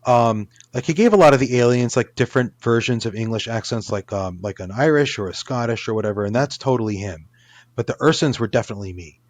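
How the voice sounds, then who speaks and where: A man's voice: mid-range voice, lively intonation, quick pace, dry recording. A man, an author, talking casually in an interview, rambling with many restarts and fillers. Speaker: author guest.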